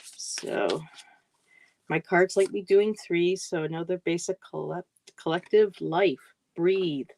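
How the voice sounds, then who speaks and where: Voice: medium pitch, fairly even intonation, a little slow, vocal fry, few pauses, darkish tone, dry recording, low-quality recording. A card reader hosting a casual livestream, greeting viewers in the chat by name and now and then tripping over words.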